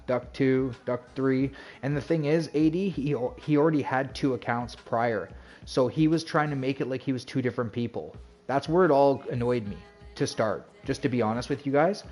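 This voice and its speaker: A male game streamer telling a long story to his chat in an easygoing, rambling way, packed with "like" and "you know." His voice sits at an ordinary middle pitch, and he slips into little acted-out lines of dialogue as he goes. Faint music plays softly behind him. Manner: rambling, filler-heavy, acts out quoted dialogue.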